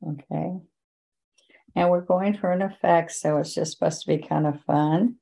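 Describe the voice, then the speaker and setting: A woman teaching a painting lesson, giving gentle, chatty step-by-step guidance as she works. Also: low voice, fairly even intonation, normal speed, gravelly, rough recording. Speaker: painting instructor. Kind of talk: relaxed painting demonstration.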